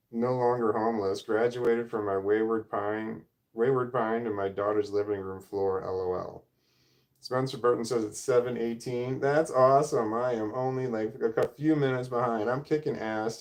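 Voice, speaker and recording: A middle-aged man hosts a casual livestream from a room at home, reading chat and wandering off on tangents. He's rambling, easily sidetracked and self-deprecating, with a lowish, slightly mellow voice. His audio comes from a camera or phone mic on the desk.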